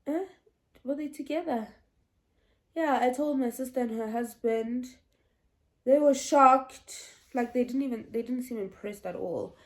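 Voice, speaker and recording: A woman's voice: sits high, measured pace, darkish tone. A young woman telling a casual storytime vlog, chatty and meandering, often restarting and laughing. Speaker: vlogger.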